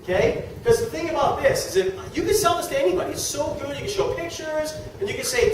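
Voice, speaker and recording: Middle-aged guy doing a sales pitch to a room, joking around, loud background noise. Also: fast talker, few pauses. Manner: animated and joking, talks to the audience. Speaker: sales presenter. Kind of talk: live sales presentation to a room. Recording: echoey room from far off with noise.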